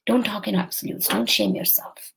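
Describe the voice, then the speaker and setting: Gravelly, breathy woman coaching viewers. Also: mid-range voice, steady tone, moderate pace, a bit bright, poor audio. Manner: encouraging, speaks directly to viewers. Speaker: host and coach. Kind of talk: motivational live-stream talk.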